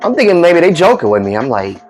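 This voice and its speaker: Man vlogger, storytime, lively swooping pitch, rambly, faint music under him. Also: fast talker. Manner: rambling, animated, acts out dialogue. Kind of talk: casual storytelling.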